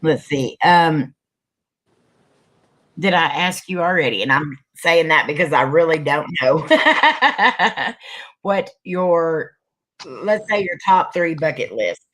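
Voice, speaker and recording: In a casual interview, a host with a mid-range voice takes things slowly, reading chat questions aloud in a relaxed way. His answers are brief and agreeing.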